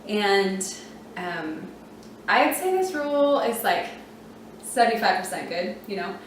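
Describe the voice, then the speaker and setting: A woman explaining reading rules in a relaxed, chatty way, often saying um and spelling out letters one by one. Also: mid-range voice, a little hiss or hum. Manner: chatty, uses fillers like um and you know, spells out letters slowly. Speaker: reading teacher. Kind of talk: casual teaching explanation. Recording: very echoey room, voice from a distance.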